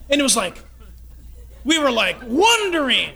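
A man's voice: very high voice, moderate pace. A man preaching a sermon, telling stories and jokes and acting out the people in them. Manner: animated storytelling, acts out characters in the story.

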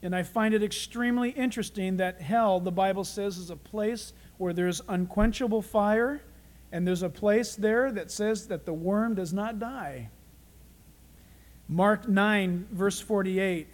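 A man preaching a sermon as a pastor, in an animated, dramatic way. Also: high voice, unhurried.

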